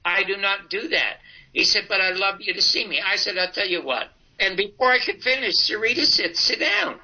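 Heard through dull, lo-fi broadcast audio, an octogenarian comedian and talk show host spins a long story, voicing both sides of the dialogue. He speaks a little fast in a high voice.

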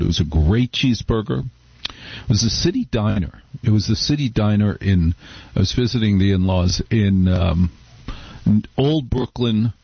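A man's voice: fairly low pitch, breathy edge, no room sound, lo-fi sound. A middle-aged man hosting a talk radio show, chatting in a wry, rambling, conversational way. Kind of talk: casual talk radio monologue. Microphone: studio microphone.

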